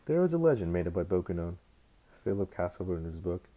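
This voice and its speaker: A man's voice: sits low, big pitch swings, fast talker, warm tone, rough recording. A man reading a novel aloud as a fan, unpolished, stumbling over words and restarting lines. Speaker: amateur audiobook reader.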